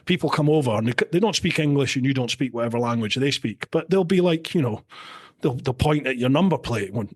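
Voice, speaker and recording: A man's voice: medium pitch, expressive, fairly quick, slightly rough. A middle-aged Scottish man hosting a podcast, telling stories with animation and speaking in an earnest, encouraging way. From Scotland. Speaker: podcast host. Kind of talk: conversational interview.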